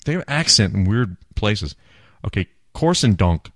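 A man's voice: fairly low pitch, big pitch swings, measured pace, a bit bright. A man hosting a casual beer podcast, enthusiastic and self-mocking as he chats and jokes. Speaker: podcast host.

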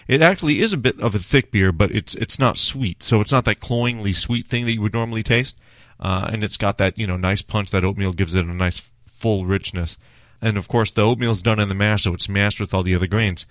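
A man's voice: on the low side, fairly quick, no room sound, clean studio sound. A man hosting a food and beer show, chatting casually through a beer tasting with many filler words. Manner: chatty, relaxed, with frequent "uh" fillers.

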